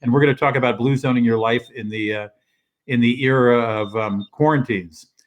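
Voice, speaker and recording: A man's voice: mid-range voice, moderate pace, highs cut off. Rambling older male show host. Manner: rambling, many fillers and restarts. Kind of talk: casual live-stream talk. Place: living room at home. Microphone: video call setup.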